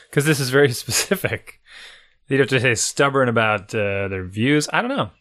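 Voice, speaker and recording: A man's voice: medium pitch, lively intonation, unhurried, fairly bright tone. A man co-hosting a podcast in casual chat, with wry, easygoing banter. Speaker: podcast co-host.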